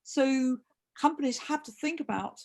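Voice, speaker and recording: Woman, gravelly voice, earnest, restarts phrases, webinar talk. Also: sits high, moderate pace, darkish tone, slight background noise. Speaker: co-host and consultant. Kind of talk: webinar discussion.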